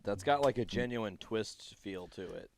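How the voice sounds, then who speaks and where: A man's voice: fairly low pitch, expressive, measured pace, gravelly, a little hiss or hum. A young man co-hosting a casual podcast, mostly chiming in with short, laid-back reactions and interjections. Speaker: podcast co-host. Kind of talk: casual chat.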